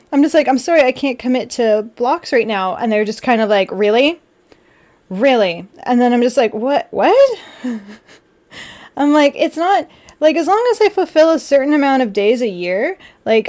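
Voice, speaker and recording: Young woman, streamer, casual chat, animated storytelling, slightly high voice, desk mic. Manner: chatty and animated, with frequent laughs and quoted dialogue. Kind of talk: casual chat while building a model kit.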